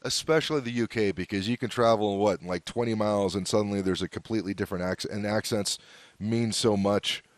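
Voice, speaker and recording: An American man hosts a podcast in a loose, rambling, chatty way. His voice sits low, and the recording is dry and close with no room sound. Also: a little fast, dry recording. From United States. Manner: loose and chatty, many fillers and restarts. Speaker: podcast host. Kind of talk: casual interview chat.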